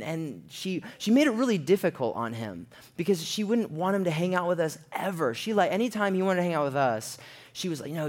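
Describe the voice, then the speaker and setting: Brief: young man, sermon storytelling, lively, jumps into other people's voices. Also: fairly high pitch. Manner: animated storyteller, acts out quotes in a raised voice.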